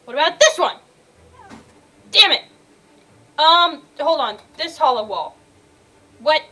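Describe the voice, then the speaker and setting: A young woman giving let's-play commentary on a game, excitable, swearing freely and yelling and laughing as she plays. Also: extremely high pitch, takes it slowly, long pauses. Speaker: gaming video creator.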